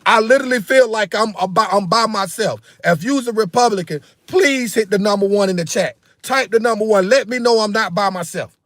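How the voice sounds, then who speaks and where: A man's voice: sits high, brisk, few pauses, a bit bright, dry recording. A man, hosting a political commentary livestream. He rants heatedly, repeats himself, and keeps calling his viewers "bro" and "man.". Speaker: political commentary channel host.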